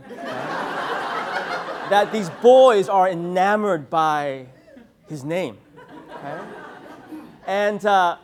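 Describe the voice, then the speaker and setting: A man in his thirties from San Francisco, giving a humorous conference keynote with storytelling and playful asides to the audience. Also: high voice. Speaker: keynote speaker. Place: conference hall.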